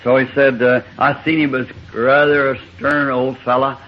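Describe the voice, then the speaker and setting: Husky preacher telling a folksy story. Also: male voice, mid-range voice, flat delivery, moderate pace. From Southern United States. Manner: folksy, rambling anecdote with frequent chuckles. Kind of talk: sermon storytelling. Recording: muffled lo-fi old tape recording.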